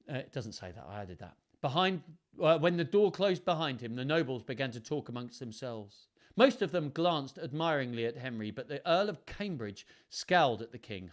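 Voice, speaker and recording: A man's voice: medium pitch, animated, moderate pace. A man hosting a live storytime, reading aloud and chatting playfully to viewers between passages. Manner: playful, chatty, self-mocking asides.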